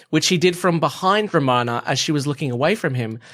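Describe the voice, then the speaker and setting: Male podcast co-host, sarcastic recapper, animated intonation. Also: fairly high pitch, brisk. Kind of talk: casual chat, reading episode notes.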